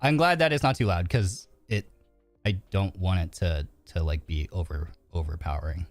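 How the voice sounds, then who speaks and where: With a low-pitched voice at a moderate pace and no room sound, a man runs a casual live stream as a virtual streamer. Faint background music accompanies his rambling, filler-heavy talk, which comes across nervous, sincere and openly emotional.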